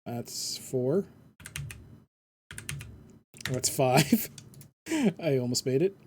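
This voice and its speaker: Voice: medium pitch, big pitch swings, extremely slow, a little hiss or hum. A game streamer chatting casually through a live playthrough at a home computer, reading game text aloud and humming along to the music.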